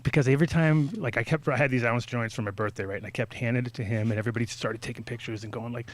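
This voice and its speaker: A man in casual talk-show conversation, spinning a long, rambling story. He swears freely and slips into little voices for the people he quotes. His voice sits at an ordinary middle pitch. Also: racing, no echo.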